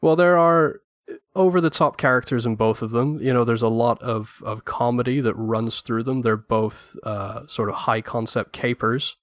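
A man's voice: medium pitch, moderate pace, no room sound, clean studio sound. A man guesting on a film podcast, talkative and enthusiastic, giving strong opinions at length. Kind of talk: casual film podcast chat.

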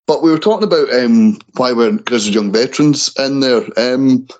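A man's voice: mid-range voice, moderate pace, dull audio. A man co-hosting a wrestling chat show in a casual way, often stumbling and restarting over names. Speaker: wrestling podcast co-host.

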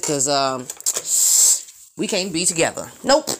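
Low-voiced, lively, blunt woman rambling. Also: normal speed, slight background noise. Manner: blunt, rambling, frank and profane; mimics sounds with shrill outbursts. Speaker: vlogger. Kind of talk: casual monologue.

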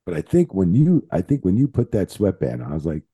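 A man, a veteran referee guest on a podcast, telling profane, animated road stories in casual chat. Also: low voice, brisk, slightly rough, no echo.

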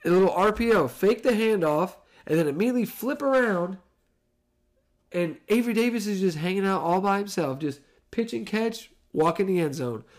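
A man, a father with young kids, giving a rambling, animated solo commentary on a football game and correcting himself as he goes. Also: high-pitched, moderate pace. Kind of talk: casual solo sports commentary.

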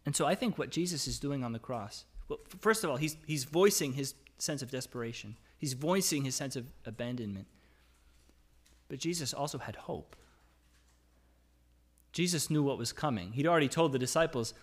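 A man delivers a sermon in an easy, conversational manner, his voice sitting at a middle pitch. He reads scripture aloud and turns to his listeners with frequent questions. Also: moderate pace, fairly bright tone. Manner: conversational preaching with restarts and tag questions; reads scripture aloud, rising to emphatic cries. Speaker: pastor.

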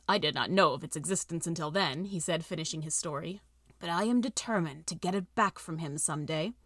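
A woman reads a story aloud in a steady, expressive narration. Her voice sits at a middle pitch, and the recording is dry and close, with no room sound. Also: dry recording. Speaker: audiobook reader. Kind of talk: reading an AI-written story aloud.

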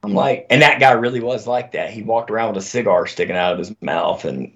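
A man who is an army veteran, telling stories as a guest in a casual conversation, animated and profane, on a dull lo-fi recording. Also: on the low side, a little fast.

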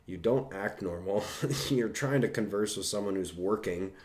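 A man's voice: on the low side, normal speed, a little mellow. A young man telling a casual, profanity-laced anecdote in a rambling way.

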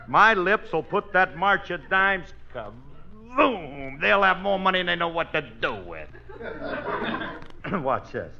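A man's voice: high voice, sing-song, slow pace, creaky. A man hosting a 1940s radio comedy, brash, boastful and vain. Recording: dull old radio broadcast.

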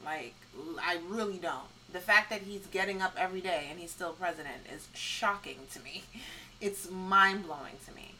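A woman co-hosting a podcast, blunt and animated in casual chat, with frequent laughs. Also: on the low side, normal speed, a little hiss or hum, poor audio. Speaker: podcast co-host.

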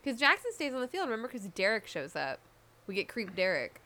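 A woman's voice: fairly high pitch, sing-song, brisk, sharp tone. A woman co-hosting a podcast, chatting casually and giggling while recapping a TV episode and acting out the characters' lines. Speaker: podcast co-host.

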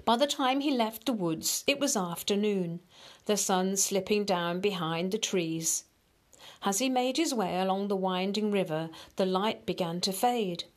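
A woman reading a children's story aloud in a gentle, unhurried way, talking to the children directly. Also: mid-range voice.

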